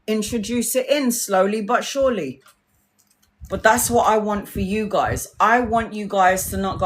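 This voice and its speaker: This woman's voice is medium in pitch and moderate in pace as she chats casually during a tarot live stream. Animated and freely profane, she acts out what others said while telling her stories.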